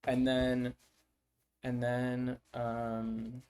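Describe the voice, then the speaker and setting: A man's voice: mid-range voice, completely flat delivery, very slow, a little mellow, smooth. A man streaming his language-building work, thinking aloud hesitantly with many fillers and restarts, sounding words out to himself. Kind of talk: thinking aloud while working.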